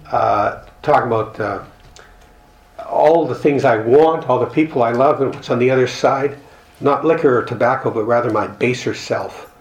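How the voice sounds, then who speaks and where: A man's voice: medium pitch, echoey room, poor audio. A man speaking at a recovery group meeting, reading passages from a book and telling stories in an earnest, reflective way with wry humor. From Canada. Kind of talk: personal talk reading from a book.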